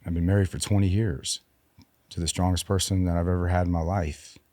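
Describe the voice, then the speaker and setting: Low, dark-voiced man, halting and subdued. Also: flat delivery, dry recording. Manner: halting and subdued, with frequent restarts. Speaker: podcast guest, military veteran. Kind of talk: candid personal storytelling.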